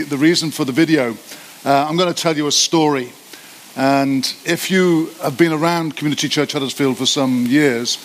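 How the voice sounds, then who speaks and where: A man preaching in a relaxed, conversational way, full of self-deprecating asides, with frequent halting restarts. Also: medium pitch, a little hiss or hum. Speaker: pastor. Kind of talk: sermon. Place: church hall.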